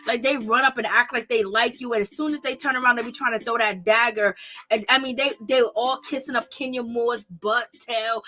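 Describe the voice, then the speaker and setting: Over soft background music, a young woman with a slightly high voice speaks at normal speed in a vlog reviewing reality TV. She rants to her viewers directly, casual, animated and exasperated, using lots of slang.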